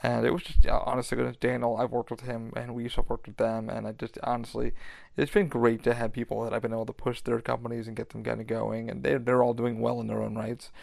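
Gravelly-voiced man hosting a chatty podcast. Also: mid-range voice, no room sound. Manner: loose and chatty, swears freely, many fillers and restarts. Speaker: podcast host. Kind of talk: casual rambling podcast chat.

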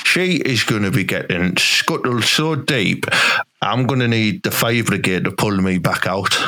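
A man with a Teesside accent, joking crudely and rambling with halting restarts in comedic banter over a video call. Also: lowish voice, animated, sharp tone. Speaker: comic co-host in character.

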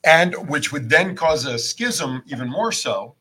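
A man's voice: fairly high pitch, lively intonation, unhurried, bright, forceful tone, husky. A man co-hosting a podcast, chatting casually about wrestling, laughing often and restarting his sentences. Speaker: podcast co-host.

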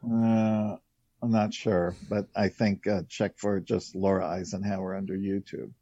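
Man in his sixties, slow rambling anecdotes, low mellow voice, dull dry lo-fi recording. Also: level tone, slightly rough, no room sound. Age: 60s. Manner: rambling, anecdotal, many fillers. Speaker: casting director, guest. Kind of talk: casual interview storytelling.

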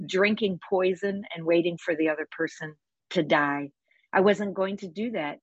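A woman guest on a podcast interview, talking in an energetic, emphatic, plainspoken way with vivid sayings. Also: on the low side, moderate pace, husky, dry recording, highs cut off. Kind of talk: conversational interview.

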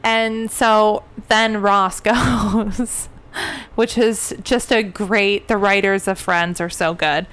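A woman's voice: medium pitch, steady tone, slow, a bit bright, smooth. A young adult woman co-hosting a casual chat, telling stories animatedly, swearing freely and mimicking sounds.

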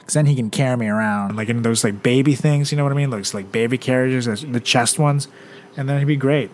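A man in relaxed podcast banter, rambling through his bits and laughing as he goes. His talk is loose, profane and easygoing. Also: mid-range voice, quick pace, slight background noise. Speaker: comedian co-host. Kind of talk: casual comedic chat.

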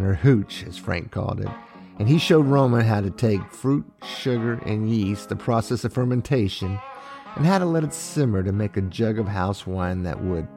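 Dude reading a story, deep-ish gravelly voice, steady pace. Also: male voice. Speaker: narrator. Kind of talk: audiobook-style story narration.

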